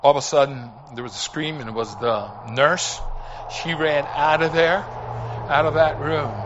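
A man preaching a sermon, telling a story in an impassioned, pleading way that swings from hushed telling to shouting. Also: a little high, fairly even intonation, moderate pace, dull audio, a little hiss or hum.

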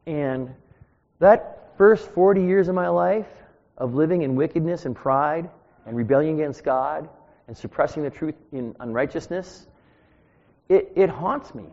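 A man's voice: fairly high pitch, unhurried, vocal fry, darkish tone. A man in his sixties gives a conversational sermon from the pulpit, speaking in a slightly raised voice with friendly, self-deprecating asides. The sound is dull and muffled, and it carries a long echo through the church. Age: 60s. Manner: informal, self-deprecating, chatty asides to the congregation. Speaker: preacher. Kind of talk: conversational sermon with personal stories. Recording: dull, echoey church recording.

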